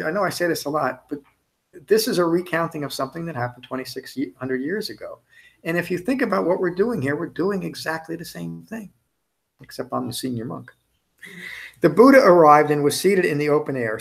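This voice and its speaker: This retreat teacher has a higher voice with lively intonation, vocal fry, and a fairly quick delivery. His dharma talk to the group is conversational, full of tag questions, mid-sentence restarts, and self-corrections.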